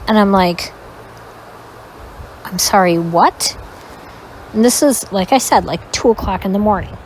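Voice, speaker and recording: A woman's voice: medium pitch, brisk, a little mellow, a little hiss or hum, rough recording. A woman hosting her channel, telling a personal story in a candid, rambling way with many fillers and self-corrections. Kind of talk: casual storytime while playing a game.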